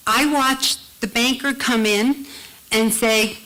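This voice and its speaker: A woman's voice: on the high side, fairly even intonation, bright, forceful tone, poor audio. Heartfelt woman telling a personal story. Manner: heartfelt, slows for emphasis. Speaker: storyteller at a live event. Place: live storytelling event.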